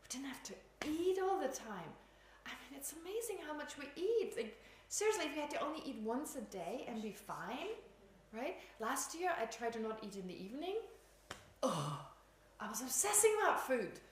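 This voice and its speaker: A woman's voice: high-pitched, sing-song, brisk, a little hiss or hum. A woman teaching Buddhism in an informal dharma talk, chatty, laughing often and poking fun at herself. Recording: echoey room, faint ambience.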